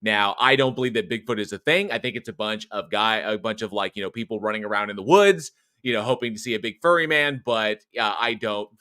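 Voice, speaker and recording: Chatty, bright-voiced male podcast host. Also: fairly low pitch, a little fast, hardly any pauses, clean tone, no room sound, studio quality. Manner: rambling, chatty, many restarts and chuckles. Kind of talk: casual live-stream chat, reading viewer comments.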